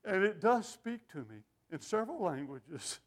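An older man preaching a sermon with an animated, self-deprecating sense of humor, often laughing at himself. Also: high voice, moderate pace. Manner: lively, animated delivery.

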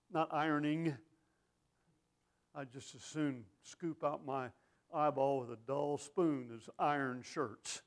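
A middle-aged man preaching a sermon in a folksy, conversational way, full of asides and rhetorical questions. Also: fairly high pitch.

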